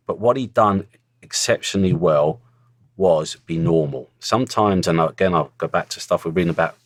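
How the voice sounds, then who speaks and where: Very deep-voiced blunt man. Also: no echo. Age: middle-aged. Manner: blunt, earthy storytelling with swearing. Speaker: former footballer, guest. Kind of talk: casual interview chat.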